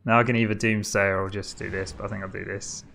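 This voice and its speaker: Gravelly-voiced man thinking aloud. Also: on the low side, little pitch movement, quick pace, a bit bright, slight background noise. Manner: thinking aloud, frequent chuckles. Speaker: card game streamer. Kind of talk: casual gameplay commentary.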